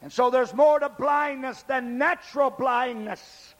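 A male preacher giving a fiery revival sermon in a church service, shouting and then dropping to low, quiet passages. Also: unhurried, big-room sound. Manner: shouting, dramatic swings from loud cries to low quiet passages.

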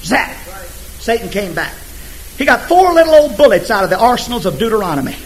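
A man preaching a sermon emphatically, swinging from hushed asides to shouted scripture. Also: high voice, big pitch swings, fast, rough recording.

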